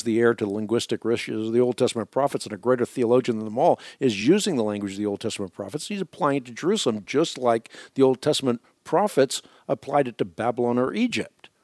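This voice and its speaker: A man's voice: mid-range voice, darkish tone, dry recording, clean studio sound. A man hosting a radio Bible teaching show, explaining scripture with emphatic, rising stress on key words.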